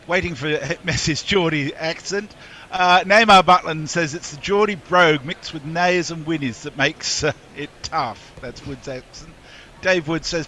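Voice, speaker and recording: Bright, chatty commentator reading tweets. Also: male voice, fairly high pitch, a little hiss or hum. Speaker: commentator reading listener messages. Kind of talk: casual chat reading tweets.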